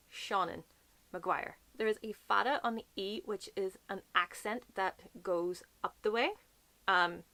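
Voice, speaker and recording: A young woman with a Northern Irish accent in a casual book vlog, chatting and slowly spelling out how names are said. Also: medium pitch, a bit bright, dry recording. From Northern Ireland. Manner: chatty, explaining slowly and repeating words. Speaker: book vlogger.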